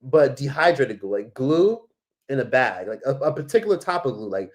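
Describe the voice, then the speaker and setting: A man's voice: medium pitch, very animated, moderate pace. A man casually telling a travel story to camera, rambling, swearing freely and leaning on filler words. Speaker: vlogger.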